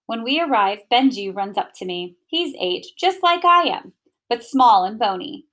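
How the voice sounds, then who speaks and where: A woman reading a children's picture book aloud in an expressive, gentle first-person narration. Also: a little high, normal speed. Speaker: storybook reader.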